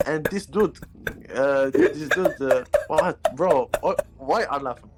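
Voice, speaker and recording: A man telling a story on a live stream, halting with many fillers. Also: fairly high pitch, very noisy.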